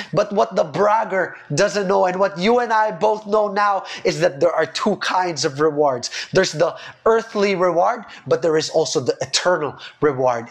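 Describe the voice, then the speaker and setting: A man giving an earnest, animated sermon, repeating his key phrases for emphasis. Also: high voice. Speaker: preacher.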